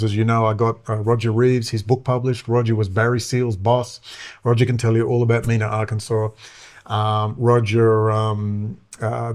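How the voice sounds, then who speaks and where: A middle-aged man delivering a loose, rambling monologue as a show host. His voice sits in an ordinary middle pitch. He talks heatedly, swears often and fills gaps with ums and uhs. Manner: profane, heated, many fillers.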